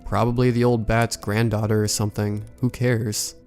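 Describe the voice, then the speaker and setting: A man's voice: fairly low pitch, level tone, normal speed, darkish tone, soft background music, natural voice. A man doing a scoffing, vain teen girl. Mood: dismissive. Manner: scoffing, dismissive. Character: vain, dismissive teenage girl.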